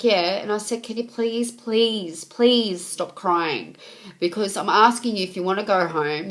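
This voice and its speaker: A woman's voice: medium pitch, a bit bright. A young woman telling a rambling story to camera, full of ums and reported speech. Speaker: vlogger. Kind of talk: casual storytime vlog.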